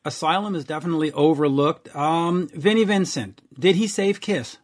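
A man's voice: fairly high pitch, normal speed. A man hosting a rock interview show, chatting casually with many fillers and asides. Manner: chatty, rambling, with frequent fillers. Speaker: radio show host interviewing a band. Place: based in Montreal.

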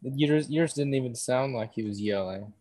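A man's voice: medium pitch, moderate pace. A man co-hosting a podcast over a video call, trading teasing jabs in casual chat. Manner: teasing, bickering, deadpan jabs. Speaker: podcast co-host.

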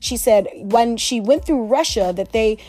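A woman's voice: on the high side, measured pace, dark tone, faint music behind. A woman hosting a casual solo podcast, talking in a chatty, exclamatory way. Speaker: podcast host.

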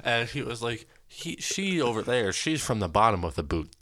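A man's voice: medium pitch, very animated, normal speed, bright, forceful tone. A young man telling stories on a podcast, laughing often and filling his talk with "like". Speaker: podcast co-host. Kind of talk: casual storytelling chat.

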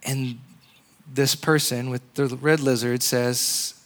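A man preaching a casual, conversational sermon in an animated way, full of "like" and "you know.". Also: medium pitch, takes it slowly. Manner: conversational, animated, uses "like" a lot.

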